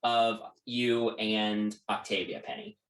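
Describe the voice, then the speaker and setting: A game master narrating a tabletop game in a relaxed way, with many ums. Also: medium pitch, slow pace. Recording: echoey room.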